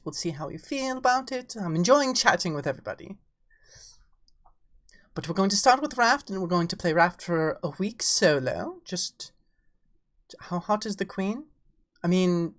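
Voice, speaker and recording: A woman's voice: medium pitch, lively intonation, normal speed. A woman with an English accent chatting casually on a livestream, playful, greeting viewers as darling. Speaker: streamer.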